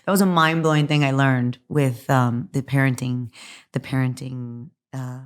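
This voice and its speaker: A hoarse middle-aged woman talking candidly as an interview guest, chatty and full of likes and ums. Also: extremely low pitch, steady tone, normal speed. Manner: chatty, frequent likes and ums, laughs often.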